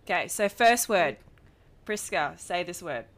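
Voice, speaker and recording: A young woman from the Philippines with a Filipino English accent with some American to it, co-hosting a podcast in casual, animated chat and often restarting her sentences. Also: fairly low pitch, unhurried. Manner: animated, laughing, self-interrupting. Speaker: podcast co-host.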